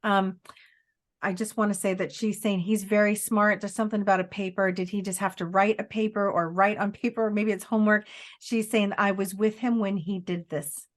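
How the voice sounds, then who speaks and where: A woman working as a psychic medium, giving a live spirit reading in a halting, searching way with many fillers, often quoting the spirit. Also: medium pitch, flat delivery. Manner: relays messages by quoting the spirit in first person.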